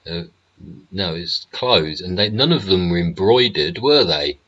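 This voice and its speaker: A man's voice: low voice, animated, a little slow, a bit bright, highs cut off. A man, hosting a ranting political monologue, angry and swearing constantly, with rhetorical tag questions. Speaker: host.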